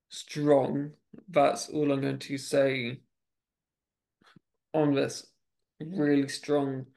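Rambling man with a creaky voice. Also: on the high side, a little mellow. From United Kingdom. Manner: rambling, many restarts and fillers. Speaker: podcast host. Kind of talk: casual podcast chat.

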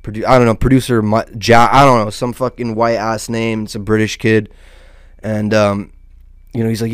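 A man's voice: lowish voice, little pitch movement, normal speed, clean tone, dry recording, clean studio sound. Rambling, profane man giving loose commentary. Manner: rambling, loose, with frequent restarts and "dude". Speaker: host of a small online channel.

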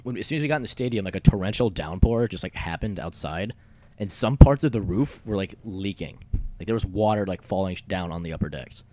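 A man's voice: deep voice, animated, brisk, mellow. A young man from Canada chatting casually, rambling and swearing a lot with frequent laughs. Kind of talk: casual chat.

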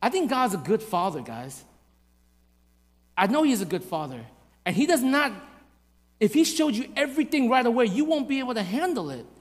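A man preaching a sermon to his church, asking rhetorical questions and acting out little stories with lively voices. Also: very high-pitched, normal speed, pauses often. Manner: animated, acts out voices in anecdotes, rhetorical questions. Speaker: pastor. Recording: long hall reverb.

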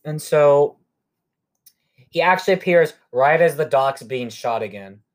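A man's voice: fairly high pitch, expressive, a little slow. A young man hosting a podcast, casually recapping a movie in a rambling, profane way with lots of fillers. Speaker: podcast host.

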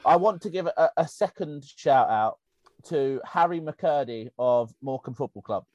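A man's voice: on the high side, moderate pace, no room sound, muffled recording. A man, co-hosting a casual football podcast and telling stories with bursts of laughter. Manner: animated, laughing storyteller. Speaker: podcast co-host.

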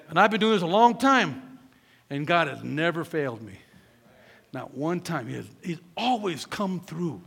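A gravelly, slightly high-voiced middle-aged man preaches from the pulpit, telling a story and voicing every person in it. He swings from booming peaks down to near-hushed asides. His voice rings with a long hall reverb. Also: sing-song, brisk. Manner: storytelling, acts out quotes, swings from loud to hushed. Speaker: pastor.

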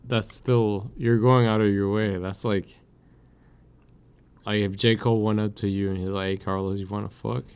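A man's voice: fairly low pitch, level tone, normal speed, pauses often, a little mellow, clear, resonant tone. A young man co-hosting a casual podcast, pushing back in disbelief and pressing his co-host with questions. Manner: incredulous, pushes back with questions.

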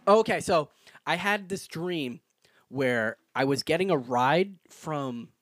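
A young man co-hosting a casual podcast, telling stories in an animated way and jumping into loud, high voices when he quotes people. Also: slow pace, no room sound, studio quality. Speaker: podcast co-host. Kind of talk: casual chat. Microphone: podcast mic without pop filter.

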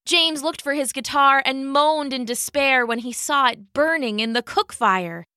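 A woman narrating a scripted spooky story in a measured, unhurried manner. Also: high-pitched, pushed and bright, no room sound, studio quality.

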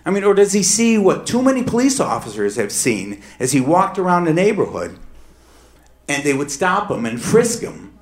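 Animated middle-aged man telling a story. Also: high-pitched, moderate pace. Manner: animated, emphatic, swings between hushed and heated. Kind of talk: personal true story told on stage.

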